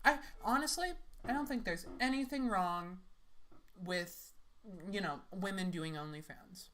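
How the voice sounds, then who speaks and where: A woman's voice: on the low side, unhurried, fairly bright tone. A young woman making sarcastic, laughing, rambling comments as she reacts to clips.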